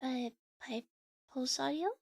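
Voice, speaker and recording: A woman's voice: sits high, fairly even intonation, slow pace, gravelly, darkish tone, no room sound, studio quality. A woman streamer chatting casually with her viewers, rambling along with lots of fillers and restarts. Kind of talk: casual live-stream chat. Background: faint background music.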